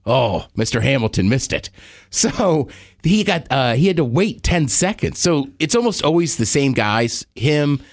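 A man's voice: medium pitch, very animated, measured pace, no room sound, studio quality. A man co-hosting a podcast, eagerly explaining sports in a casual chat. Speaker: podcast co-host.

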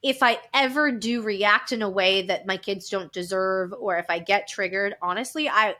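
Bright-voiced woman telling candid stories. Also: medium pitch, normal speed. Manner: open and animated, laughs often. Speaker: podcast guest. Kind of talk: candid personal storytelling.

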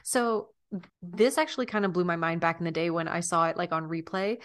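A woman's voice: on the low side, a little fast. A woman in her thirties co-hosting a podcast, chatting casually and reading snippets aloud. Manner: laughing, chatty, reads article snippets aloud. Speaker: podcast co-host. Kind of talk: casual chat.

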